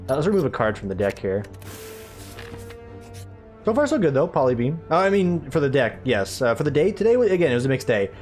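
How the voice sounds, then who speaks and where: A man's voice: mid-range voice, big pitch swings, a little fast, pauses often, a little mellow, faint music behind. A man giving casual, rambling gameplay commentary full of sarcastic asides. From United States. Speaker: let's play gamer.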